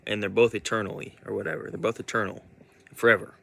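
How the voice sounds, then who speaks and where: A man's voice: on the low side, little pitch movement, fast, gravelly, a bit bright. A man giving a casual spoken monologue as a vlogger, rambling with many restarts.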